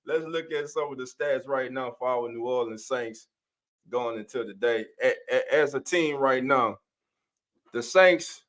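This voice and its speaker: A man hosting a live sports podcast stream, casually greeting viewers by name in a loose, energetic way. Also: mid-range voice. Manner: loose, energetic, calls listeners family and baby. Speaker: podcast host.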